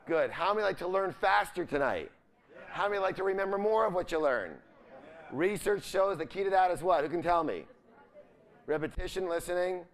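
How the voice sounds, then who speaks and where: A man whose voice is on the high side gives an upbeat, energetic live seminar. As the speaker, he keeps asking questions of the audience and leaves his sentence endings for them to supply.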